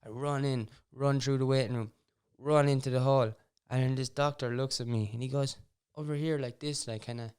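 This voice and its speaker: A man's voice: mid-range voice, fairly even intonation, normal speed, a little mellow, clean tone. A young Irish man hosting a podcast, telling stories in a rambling, casual way with wry asides and frequent restarts. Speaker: podcast host. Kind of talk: casual storytelling chat.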